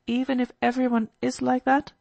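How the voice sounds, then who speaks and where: An eager, excitable teenage boy, as a woman reader puts him on, voiced a little higher than her narration. He gushes with breathless enthusiasm, recorded dry and close in a studio for an audiobook. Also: moderate pace, dry recording, natural voice. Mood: earnest. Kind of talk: audiobook character voice.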